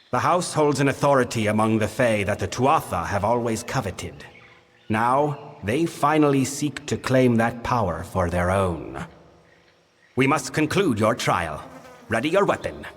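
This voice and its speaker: Voicing a weary, ancient winter fae king in a video game, an actor speaks gravely, formally and commandingly in full character voice. His voice sits on the low side, husky, with big pitch swings and a measured pace. Long reverb and game music fill the recording.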